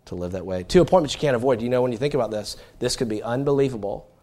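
A middle-aged man preaching a sermon as pastor, swinging from quiet, low asides to loud, animated emphasis. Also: rapid-fire.

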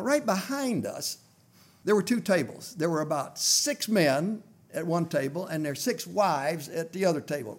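Older guy preaching, husky voice sitting a bit high, folksy storytelling that swells up loud. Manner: folksy storytelling, rising to loud emphatic prayer. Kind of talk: sermon with a personal story.

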